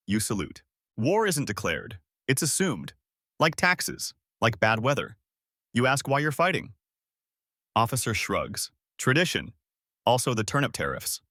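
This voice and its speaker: A man giving deadpan scripted narration in short, clipped sentences. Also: mid-range voice, no echo, studio quality.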